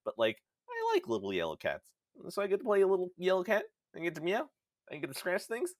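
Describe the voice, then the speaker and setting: Animated young man, lively casual chat. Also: sits high, fast talker, dry recording, clean studio sound. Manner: animated, swearing, acts out voices in his stories. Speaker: podcast co-host.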